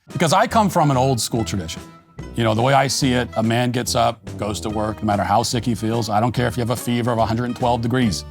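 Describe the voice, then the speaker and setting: Middle-aged male host, dry mock-apology sarcasm, average pitch, faint music bed. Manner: deadpan mock-apologetic sarcasm, bursts of mock shouting. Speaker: commentary host. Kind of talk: sarcastic monologue to camera.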